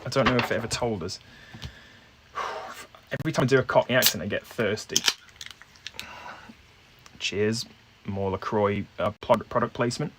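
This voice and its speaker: A man's voice: on the low side, moderate pace, pauses often, background noise. A man playing a detective board game alone, reading the case aloud and musing hesitantly over the leads. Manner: hesitant, musing, many fillers. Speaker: solo game player and narrator.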